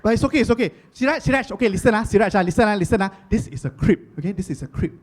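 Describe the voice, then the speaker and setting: A woman's voice: medium pitch, expressive, rapid-fire, darkish tone, pitched above the performer's own voice, lightly acted. A man voicing an exasperated young wife who scolds and lectures with a Singaporean accent, repeating herself. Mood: lecturing. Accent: Singaporean English.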